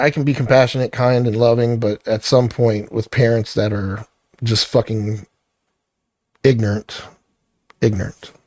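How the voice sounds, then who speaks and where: A man's voice: mid-range voice, a little mellow, no echo, studio quality. A middle-aged man venting in a blunt, profane, irritated personal vlog rant. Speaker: vlogger.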